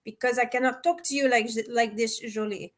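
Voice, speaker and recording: A woman reading aloud the lines of a charming French man with a French accent, who speaks in a smooth, easygoing way. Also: a little high, moderate pace, lightly acted. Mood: silky. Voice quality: silky, easygoing.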